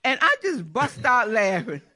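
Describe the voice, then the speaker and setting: A woman's voice: on the high side, very animated, measured pace, bright, forceful tone. A middle-aged woman telling a personal faith testimony in an earnest, repetitive storytelling way. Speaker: churchgoer giving testimony.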